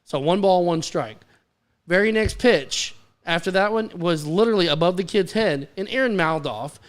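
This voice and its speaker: Higher-voiced man chiming in on a podcast. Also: lively intonation, normal speed. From American South. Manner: chimes in, backs up the story. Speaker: podcast co-host. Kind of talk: casual chat.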